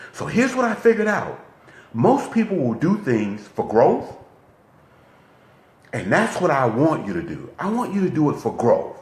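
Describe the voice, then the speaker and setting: Unhurried and a bit high in pitch, this man's voice rings through a roomy space as he delivers a motivational talk. He's a relationship coach, energetic and repetitive, who keeps checking on his audience with "okay?"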